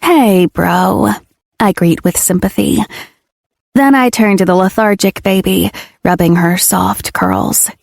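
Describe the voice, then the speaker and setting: Woman narrating softly with a gravelly edge. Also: medium pitch, measured pace, no echo, clean studio sound. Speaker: audiobook narrator. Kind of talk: first-person audiobook narration.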